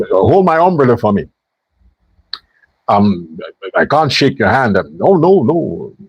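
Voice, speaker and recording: A stammering, self-important politician crowing about his new power, as a man mocks him. The voice is husky and dry, and it swoops and dips as he stumbles over his words. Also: mid-range voice, sing-song, takes it slowly, no room sound, exaggerated voice. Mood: boastful. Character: pompous male politician boasting he is president.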